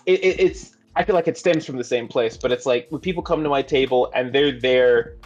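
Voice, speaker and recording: A man co-hosting a tabletop gaming talk show, speaking in a thoughtful, measured way. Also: mid-range voice, lo-fi sound. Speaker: podcast co-host. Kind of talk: casual chat.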